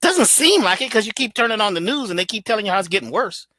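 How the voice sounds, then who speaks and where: A man giving an animated motivational talk as a guest, preachy and emphatic in a colloquial way, playing with his voice. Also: high voice, quick pace, no room sound. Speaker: guest speaker.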